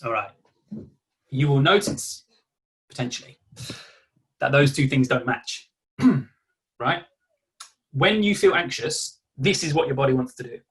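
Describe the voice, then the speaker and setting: A man's voice: medium pitch, animated, a little slow, long pauses. Man leading an online workshop. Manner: conversational, uses acted self-talk examples. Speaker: workshop presenter. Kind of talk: live online workshop talk. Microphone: video call.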